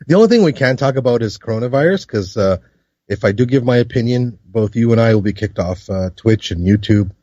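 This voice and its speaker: A man co-hosting a podcast in casual chat, rambling with many restarts and laughs, high. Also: expressive, fairly quick, darkish tone, no room sound, muffled recording. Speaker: podcast co-host.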